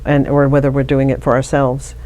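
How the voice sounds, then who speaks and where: A woman's voice: rumbling low, completely flat delivery, brisk, warm tone, a little hiss or hum. A middle-aged woman, an interview guest, telling a personal story in a chatty way with frequent restarts. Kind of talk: casual interview conversation.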